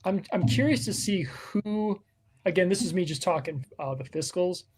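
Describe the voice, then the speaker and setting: A speaker with a husky, mid-pitched voice chats on a live stream. They hesitate and trail off, then explain things to viewers. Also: expressive, moderate pace, darkish tone. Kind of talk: casual live reaction chat.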